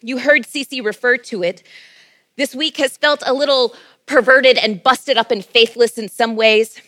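A woman's voice: on the high side, fairly even intonation, measured pace, a bit bright, no echo. A woman pastor giving a sermon and prayer in a playful, conversational preaching manner. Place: church.

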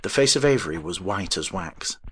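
Guy reading an old sci-fi story out loud, low husky voice, steady pace. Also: fairly quick. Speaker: audiobook reader. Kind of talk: scripted narration.

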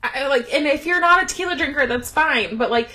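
A woman co-hosting a podcast in casual chat, telling a story with lively asides and frequent laughter. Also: high voice, brisk. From US South. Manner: animated storytelling, laughs often. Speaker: podcast co-host.

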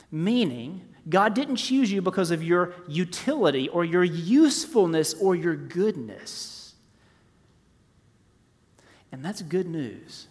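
A man in his forties preaching a sermon, rising to loud emphasis and dropping to hushed, near-whispered softness. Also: fairly high pitch, expressive, a little slow. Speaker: pastor. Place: church sanctuary. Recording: long reverb of a large hall.

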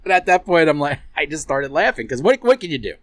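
Lively, profane man telling a story. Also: a little high, fast, a little hiss or hum. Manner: rambling, profane, laughs often. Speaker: podcast co-host. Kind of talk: casual storytelling chat.

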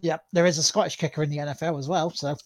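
A man's voice: fairly high pitch, steady tone, racing, dry recording. A tired man co-hosting a casual podcast, full of wry jokes and slang. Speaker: podcast co-host.

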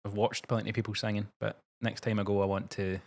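A man's voice: fairly low pitch, little pitch movement, quick pace, vocal fry. A Scottish man co-hosting a podcast, telling stories in a laid-back, dry way. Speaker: podcast co-host, musician. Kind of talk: casual chat.

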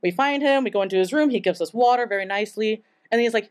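A young woman from Taiwan tells a story on stage at a live event before an audience, chatty and casual, peppering her speech with "like" and laughing often. She speaks quickly in a fairly high voice with few pauses.

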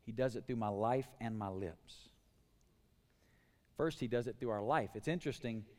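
A man preaching a sermon as pastor, emphatic, moving between hushed passages and loud, repeated lists. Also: mid-range voice, long reverb tail.

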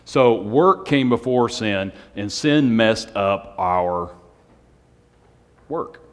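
A man preaching a Sunday night sermon, speaking in a self-described monotone with joking asides to the congregation. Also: on the low side, very slow. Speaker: pastor. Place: church hall on a Sunday night. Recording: long hall reverb.

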